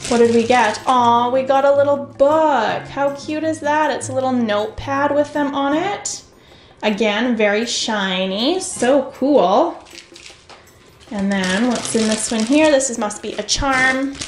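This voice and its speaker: A woman hosting a toy unboxing video, gushing with excitement and talking straight to her viewers. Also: high voice, a little slow. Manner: gushing, excitable, talks to viewers as "you guys". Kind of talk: casual unboxing commentary. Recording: echoey room with faint music.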